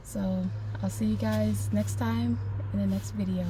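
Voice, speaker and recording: A woman's voice: mid-range voice, fairly even intonation, measured pace, background noise. A woman vlogger casually telling a personal story to her phone camera, chatty, with many fillers and restarts.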